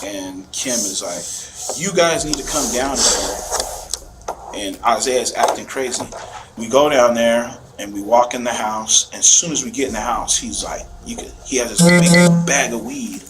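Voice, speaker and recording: A man's voice: medium pitch, normal speed, heavy background noise. A man, a father, casually and emotionally recounting events in a police interview. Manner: casual, rambling, emotional retelling.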